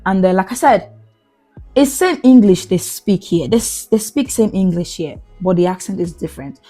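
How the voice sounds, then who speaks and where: Young nigerian woman on her podcast, animated, laughs a lot, bit of music in the back. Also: on the low side. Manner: animated, exclamatory, laughs often. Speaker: podcast host. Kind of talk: casual storytelling chat.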